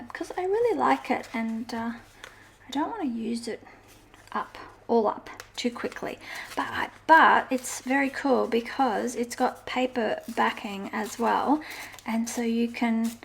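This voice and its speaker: A woman's voice: fairly high pitch, a little slow, vocal fry, fairly bright tone, a little hiss or hum. A woman chatting casually while decorating a journal, meandering through her thoughts with fillers and self-corrections in a sing-song way. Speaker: journaling vlogger. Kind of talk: casual crafting chat.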